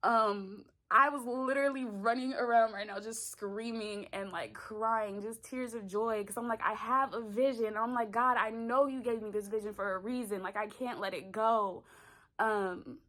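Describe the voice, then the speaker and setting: A woman's voice: a little high, steady tone, moderate pace, fairly bright tone. Tearful young woman, emotional vlog. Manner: tearful, gushing, talks in bursts with many likes. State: crying on and off. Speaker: vlogger and talk show creator. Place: at home, bedroom.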